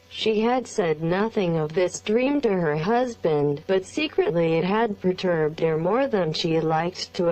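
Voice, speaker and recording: Slow synthetic woman's narration voice. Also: on the low side, rough recording. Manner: flat, even machine narration. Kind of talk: text-to-speech audiobook reading.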